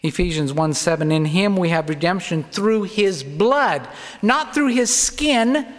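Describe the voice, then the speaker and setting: A middle-aged man preaching earnestly, slowing down to lean on key words. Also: sits high, animated. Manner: earnest, emphatic, slows down to stress words. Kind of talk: sermon-style Bible teaching. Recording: long hall reverb.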